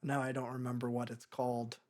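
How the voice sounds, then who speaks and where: A young man co-hosting a podcast, chatting casually about a movie, rambling and halting with lots of fillers. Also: mid-range voice, completely flat delivery, a little mellow. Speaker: podcast co-host. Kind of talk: casual movie review chat.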